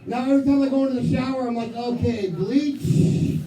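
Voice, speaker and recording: A man in his thirties doing a crude, self-mocking stand-up set with heavy swearing, often breaking into loud acted-out quotes of himself. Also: extremely high pitch, a little fast, slight background noise. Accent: New England. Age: 30s. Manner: acts out his own voice in loud quoted asides. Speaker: stand-up comic. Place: small comedy club stage. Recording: roomy club sound from a distance. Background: live music and crowd.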